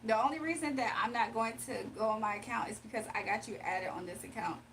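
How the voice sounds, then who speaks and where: A woman's voice: on the high side, quick pace, fairly bright tone, distant mic, slight background noise. A young woman hosting a casual livestream, chatting with viewers, reading their comments aloud and laughing often. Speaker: livestream host giving spiritual readings.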